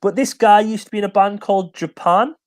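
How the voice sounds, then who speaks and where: A man's voice: high-pitched, fairly quick. A man co-hosting a music live stream, chatting casually, rambling and laughing, and tired. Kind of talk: casual chat.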